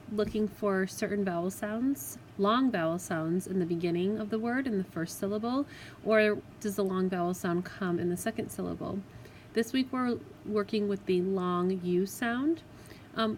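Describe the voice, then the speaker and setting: A woman teacher giving a recorded spelling lesson to children, patient and clear, sounding out words syllable by syllable. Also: medium pitch, darkish tone, a little hiss or hum, low-quality recording. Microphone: tablet microphone.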